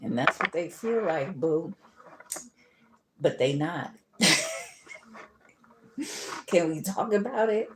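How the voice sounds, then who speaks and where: Chatty tarot-reading woman, low voice. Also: lively intonation, slow, pauses often, background noise. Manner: chatty, laughs often, calls listeners boo and baby. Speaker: tarot reader. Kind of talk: casual tarot reading livestream.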